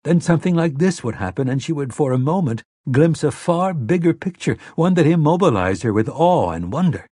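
A man narrating an audiobook in a measured, expressive storytelling manner. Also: fairly high pitch, breathy edge, no room sound, clean studio sound. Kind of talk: scripted narration.

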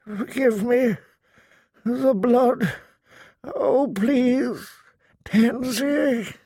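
A man voicing a dying old lord, husky and thick with pain, pleading in a strained, raised voice. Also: very high voice, very slow, mellow, no room sound, studio quality, voice pushed up, full character voice.

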